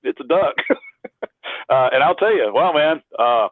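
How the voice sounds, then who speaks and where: A man's voice: fairly high pitch, animated, measured pace, no room sound, phone-quality sound. A man, a cosplayer, telling rambling anecdotes as an interview guest, often restarting his sentences. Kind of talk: casual interview storytelling.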